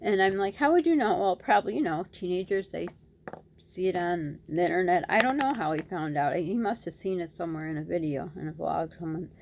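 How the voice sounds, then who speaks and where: A woman's voice: fairly low pitch, brisk, vocal fry, a little hiss or hum. A middle-aged woman and mother vlogging, telling a story in a casual, scattered way and talking with her hands. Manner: scattered, talks with her hands, animated retelling. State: dry lips.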